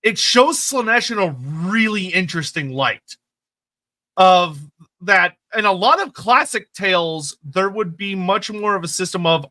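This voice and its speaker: A man's voice: sits high, expressive, measured pace, sharp tone. A man co-hosting a podcast, talking lore enthusiastically and bluntly, with casual swearing. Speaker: podcast co-host.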